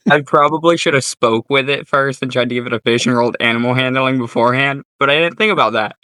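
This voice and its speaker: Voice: medium pitch, pushed and bright, no room sound, clean studio sound. A tabletop game player talking sheepishly about a mistake. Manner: sheepish, rueful, quick. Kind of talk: casual tabletop play.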